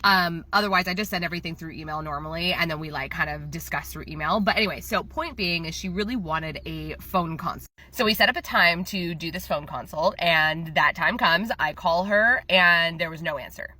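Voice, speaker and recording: A woman's voice: fairly low pitch, brisk, few pauses, pushed and bright. A young adult woman casually telling a story about a client to the camera, chatty and full of fillers, voicing both sides of the conversation.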